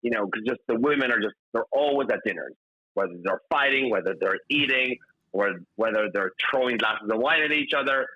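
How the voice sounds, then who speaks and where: A man's voice: medium pitch, brisk, no echo, dull audio. A man, a chef being interviewed, chatting upbeat with lots of "like" and "you know". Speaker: chef and guest. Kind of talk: phone-in interview.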